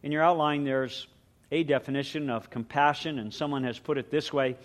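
Earnest middle-aged pastor preaching. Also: male voice, mid-range voice, fairly even intonation, brisk. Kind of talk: sermon with prayer.

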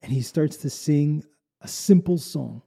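A man tells a folk tale in a loose, animated way, restarting phrases and adding joking asides. His voice is gravelly with a dark, mellow tone. He sounds at ease. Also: fairly high pitch, measured pace. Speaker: storyteller. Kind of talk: casual spoken storytelling.

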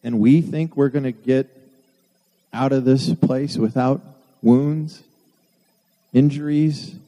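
A man's voice: mid-range voice, fairly even intonation, slow, dark tone. A man preaching a sermon to his church, earnest with self-deprecating asides. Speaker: pastor. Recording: long hall reverb.

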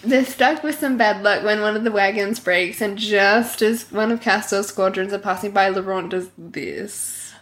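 A woman's voice: mid-range voice, moderate pace, few pauses, a bit bright, a little hiss or hum. A woman hosting a casual book discussion who laughs often and reads passages aloud. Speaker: podcast host.

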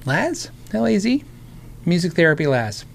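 A man's voice: high voice, big pitch swings, moderate pace, gravelly. An American man hosting a casual live stream, answering chat questions about guitars in a rambling, friendly way, his voice tired and worn. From United States. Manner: rambling, friendly, with many restarts and asides.

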